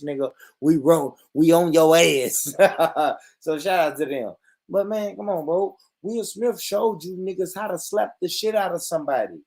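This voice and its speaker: A man hosting his own vlog, ranting comedically with lots of swearing and frequent laughs. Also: medium pitch. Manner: animated, swearing, laughing often. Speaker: vlogger. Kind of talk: profane comedic rant.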